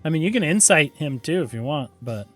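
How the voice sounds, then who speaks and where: A man's voice: a little high, lively intonation, fairly bright tone, faint music behind. Man running a tabletop game. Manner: voices characters in quick asides. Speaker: game master.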